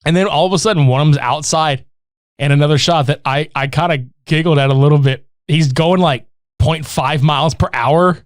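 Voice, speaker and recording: A man's voice: on the high side, fairly quick, no echo, clean studio sound. A man recapping a horror movie in casual, profane chat, acting out the characters' lines. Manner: animated, swearing, acts out characters' lines.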